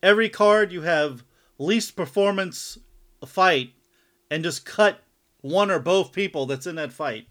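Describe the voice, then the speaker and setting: A man's voice: high-pitched, unhurried, fairly bright tone. A man co-hosting a fight podcast, recapping bouts in a laid-back, loosely phrased way with frequent laughs. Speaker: podcast co-host. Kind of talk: casual sports chat.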